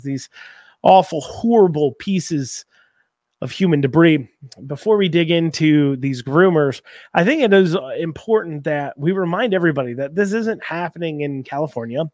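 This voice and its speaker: A man hosting a political talk show, rambling and folksy, a little hoarse from a cold. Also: fairly high pitch, darkish tone, dry recording, studio quality. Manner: rambling, folksy, repeats himself. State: has a cold, slightly hoarse. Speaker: host.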